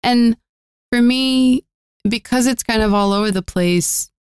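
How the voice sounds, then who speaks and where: A woman co-hosting a casual TV review chat, relaxed and agreeable. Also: a little high, measured pace, clean tone, no room sound, studio quality. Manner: relaxed, agreeable, laughs easily. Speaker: podcast co-host.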